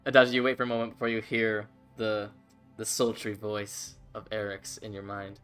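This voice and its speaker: A man running a tabletop game as game master, casual and quick to laugh. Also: on the low side, flat delivery, fairly bright tone, smooth, soft background music.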